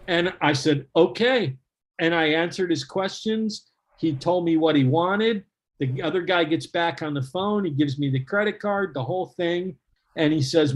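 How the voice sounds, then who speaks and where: Animated higher-voiced man telling stories. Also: normal speed. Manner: animated, laughing storyteller who acts out quotes. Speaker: guest storyteller. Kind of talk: casual anecdote telling.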